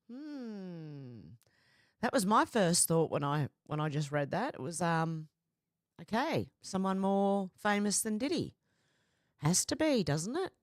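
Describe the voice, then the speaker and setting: A woman hosting a casual livestream, chatting and greeting viewers by name, her voice a little croaky from being unwell. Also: lowish voice, dry recording, studio quality. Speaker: livestream host. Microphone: headphones with mic.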